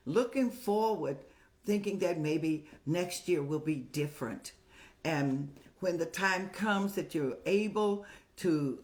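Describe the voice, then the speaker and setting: An older woman hosting a show, giving motherly, preachy advice in a folksy way and telling stories with lively rises in pitch. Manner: folksy, preachy, calls listeners child; animated storytelling with rising pitch. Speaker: host answering viewer questions.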